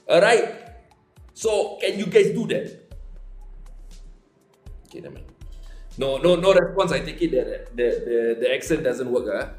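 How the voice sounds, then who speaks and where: A fairly high-pitched young man with a Singaporean English accent, talking through maths questions in a loose, jokey way. The room sounds echoey, and faint music plays underneath. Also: unhurried, pauses often. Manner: chatty, joking asides to viewers. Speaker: maths tutor. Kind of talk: casual live-stream tutoring.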